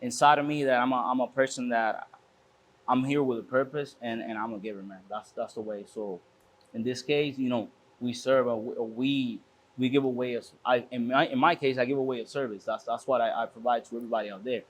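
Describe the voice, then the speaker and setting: A man's voice: mid-range voice, steady tone, fairly quick. Man telling a story with many restarts. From Miami. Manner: repeats words, restarts often, says "bro". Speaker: podcast guest, shop owner. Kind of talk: casual storytelling interview.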